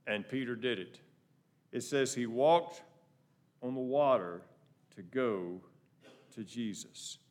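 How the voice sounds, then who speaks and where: A man preaching a sermon, moving between loud emphatic lines and soft, quiet asides. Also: medium pitch, slow pace, pauses often. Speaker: pastor.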